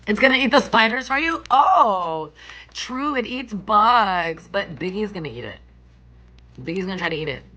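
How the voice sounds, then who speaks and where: A young woman vlogs casually from a hotel room, chatting with viewers in an animated way, reading out their questions and swearing often. Her voice is medium-pitched at a normal speed, and the audio is poor.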